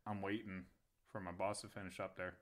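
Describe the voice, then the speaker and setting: A man's voice: sits low, flat delivery, brisk, a bit bright. A young man and podcast co-host telling a crude story in casual chat, laughing often.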